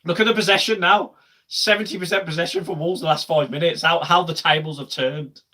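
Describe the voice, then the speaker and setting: A young man streaming a live football watch-along, chatting casually with viewers and erupting into shouts when his team attacks. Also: a little high, steady tone, fairly quick. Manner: chatty, swings to loud shouting at goals.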